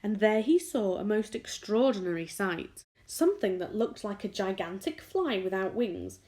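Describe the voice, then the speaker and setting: A woman teacher reading a children's book aloud with expressive storytelling. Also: mid-range voice, moderate pace.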